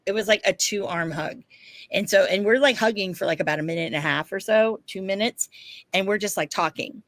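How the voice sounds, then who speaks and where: A woman co-hosting a podcast, telling a story in casual chat, animated, laughing often and swearing casually. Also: mid-range voice, fairly quick, no room sound. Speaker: podcast co-host.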